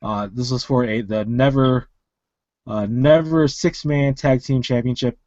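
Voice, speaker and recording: A man's voice: medium pitch, fairly even intonation, measured pace, darkish tone, dry recording, dull audio. A man co-hosting a casual wrestling podcast over an online call, rambling with many fillers and restarts. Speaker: podcast co-host.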